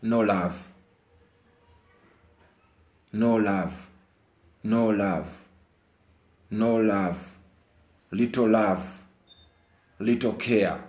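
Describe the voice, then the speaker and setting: A Ugandan man giving his opinion in a casual monologue, repeating phrases for emphasis and swinging between brooding low talk and heated outbursts. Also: extremely slow, long pauses, a little mellow. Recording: echoey room.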